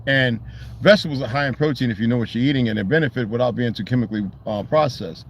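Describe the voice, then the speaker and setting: A man's voice: mid-range voice, quick pace, vocal fry, lo-fi sound, slight background noise. A man talking in a loose, rambling monologue, swearing freely and restarting his sentences. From United States. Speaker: channel host.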